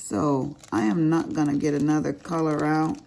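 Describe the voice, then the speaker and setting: Gravelly older woman chatting. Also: sits low, mellow. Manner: chatty, folksy, teasing, addresses viewers as y'all and honey. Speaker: crafting vlogger. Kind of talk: casual chat while crafting.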